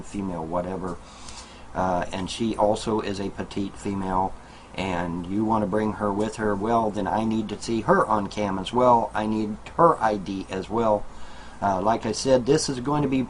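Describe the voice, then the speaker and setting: A man's voice: fairly low pitch, a little hiss or hum, rough recording. A man talking casually to a webcam at home in a small trailer, rambling and repeating himself, with many fillers and asides to his viewers. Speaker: video blogger. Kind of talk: casual monologue to camera.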